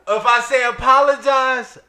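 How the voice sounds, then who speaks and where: A man co-hosting a casual chat, telling family stories in an animated way and repeating words for effect. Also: very high voice, moderate pace, echoey room. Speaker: co-host.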